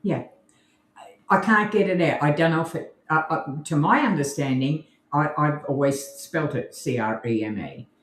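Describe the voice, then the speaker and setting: A woman's voice: low voice, normal speed. An Australian woman co-hosting a casual podcast, chatty and rambling, laughing often. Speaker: co-host. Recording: echoey room.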